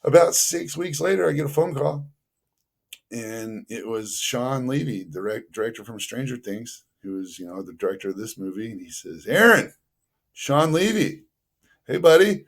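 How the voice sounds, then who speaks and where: Animated man telling stories on a podcast. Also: on the low side, moderate pace, vocal fry, husky. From Los Angeles area. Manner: animated, acts out quoted dialogue, many fillers. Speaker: podcast guest. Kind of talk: casual storytelling.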